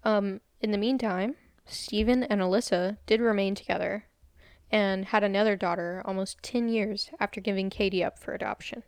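Young woman, mid-pitched, smooth voice, dry close sound; casual true crime co-host, relaxed storyteller. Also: moderate pace, dry recording. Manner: relaxed, tells the case step by step with filler words. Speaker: podcast co-host. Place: room with window open.

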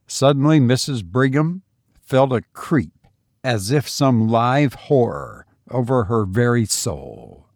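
A man with a husky voice narrating a story aloud, with a lively, rising and falling delivery. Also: mid-range voice, no echo, clean studio sound.

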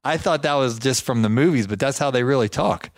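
A man's voice: medium pitch, a little fast. A man from Georgia, hosting a casual interview podcast in a chatty, self-deprecating way with frequent restarts. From Georgia, United States. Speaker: podcast host.

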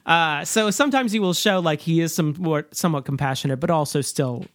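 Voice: medium pitch, no room sound. Chatty podcast co-host, dry close sound. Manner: chatty, lots of fillers and restarts; does quick mock voices when quoting. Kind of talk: casual movie review chat.

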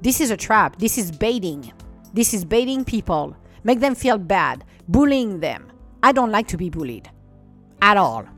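Indignant woman ranting, lively pitch. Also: measured pace, faint music behind. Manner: indignant, animated, scolding. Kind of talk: ranting monologue to camera.

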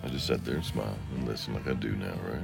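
A man hosting a solo podcast in a rambling, confessional way. He swings between low murmurs and sarcastic outbursts, and he answers listener comments. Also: fast, creaky, loud music behind the voice. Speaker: podcast host.

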